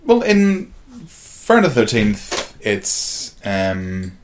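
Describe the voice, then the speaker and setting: Podcast co-host, male, very low voice, rambling and casual. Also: wildly swooping pitch, very slow, slight background noise. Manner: rambling storyteller, loose and hesitant. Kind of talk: casual chat.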